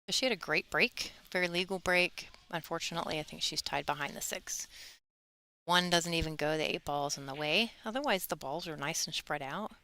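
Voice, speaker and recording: A woman's voice: low-pitched, a little fast, bright, forceful tone. A woman commentating a live pool tournament stream in a chatty, casual way, laughing easily and plugging the stream. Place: tournament venue.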